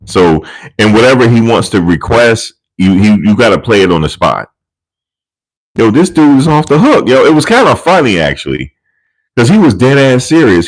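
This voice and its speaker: A man hosts casual celebrity commentary, telling rambling, profane, amused stories into a desk USB microphone. His medium-pitched voice is sing-song at a moderate pace, and the recording is rough.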